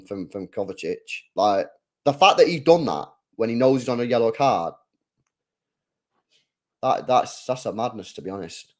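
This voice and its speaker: A young man giving live, slangy reaction commentary on a football match. He drifts between low mumbling and loud, sweary outbursts. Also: animated, moderate pace, pauses often. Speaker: football watchalong streamer.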